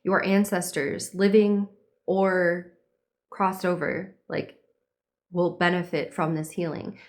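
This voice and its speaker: A woman's voice: lowish voice, level tone, takes it slowly. A young woman giving a casual spiritual reading, meandering and dreamy, with lots of fillers. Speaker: tarot and horoscope reader.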